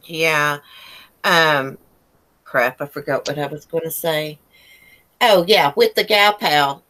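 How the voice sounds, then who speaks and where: A woman's voice: sits low, slow, a bit bright. A woman, a guest on a podcast, talking bluntly and skeptically in casual chat and cursing casually.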